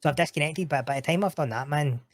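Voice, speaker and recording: A man's voice: a little high, fast, dry recording. A man with a Scottish accent, a guest on a casual chat show, swearing freely and laughing through his stories. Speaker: podcast guest.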